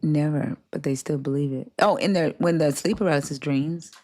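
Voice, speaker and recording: A woman with a notably low voice hosts a relaxed livestream conversation. She rambles in loose, chatty sentences, trails off often and laughs easily. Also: brisk. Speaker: livestream host. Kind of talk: casual chat.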